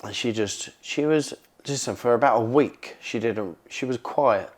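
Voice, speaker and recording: Casting note: man, mid-pitched, chatty guest in an interview, lively and casual, swears freely. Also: a little slow. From England. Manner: animated, repeats words, acts out quoted speech, swears casually. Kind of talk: casual storytelling.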